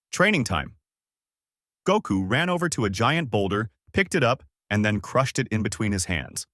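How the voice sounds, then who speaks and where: A man narrating a fan-made story aloud in a plain, steady way. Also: fairly low pitch, no echo, clean studio sound. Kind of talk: reading fan fiction aloud.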